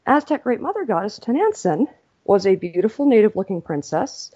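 Animated woman telling a story. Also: medium pitch, a little fast, slightly rough, dull audio. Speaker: author and guest. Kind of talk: storytelling in a podcast interview.

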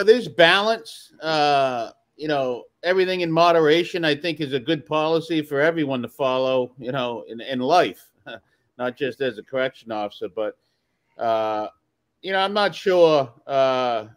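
A man with a Texan accent, a former correction officer, speaking in a measured, reflective way on a panel. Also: medium pitch. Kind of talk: casual panel talk.

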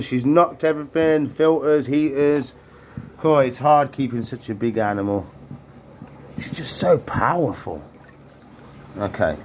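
Guy talking to his reptiles at feeding time, fairly high voice, bit of faint noise behind. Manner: chatty, talks to the animals in a coaxing sing-song. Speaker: reptile keeper and channel host. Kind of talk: casual animal-feeding vlog. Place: indoors among reptile tanks.

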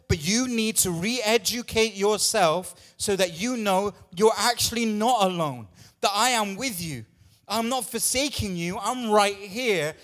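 A man's voice: sits high, fairly bright tone. A man preaching a sermon in church, emphatic and repetitive, at times out of breath. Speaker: pastor.

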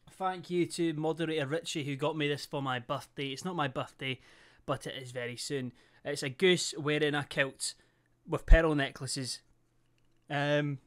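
A young man streaming a game, chatting casually, joking and swearing, and reading out viewers' names in quick bursts. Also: on the high side, a bit bright, dry recording. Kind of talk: casual live-stream chat.

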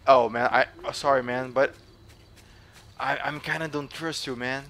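A Brazilian man commentating gameplay for his viewers, excitable and jokey, swearing often and switching into Brazilian-accented English. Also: medium pitch, normal speed, a little hiss or hum. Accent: Brazilian Portuguese. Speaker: gaming YouTuber.

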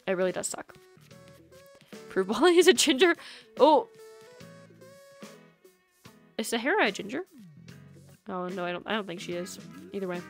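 A woman's voice: on the high side, sing-song, fast, pauses often. A young woman streaming a game, chatting casually and giggling, with lots of "like" fillers, on a USB microphone at home. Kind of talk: casual stream chat while gaming. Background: soft lofi music.

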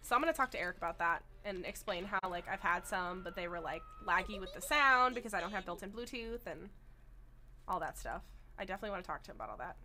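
A woman's voice: on the low side, quick pace, faint music behind. A woman streaming a horror game at a desk microphone, chatting casually and breaking into laughs and shrieks. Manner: excitable, laughs and shrieks often. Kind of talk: casual live-stream chat.

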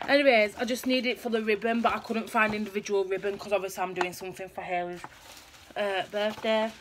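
A woman's voice: mid-range voice, steady tone, brisk, slight background noise. A young woman chatting through a shopping haul in a rambling show-and-tell manner, recorded at home. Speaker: vlogger showing a haul. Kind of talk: casual chat.

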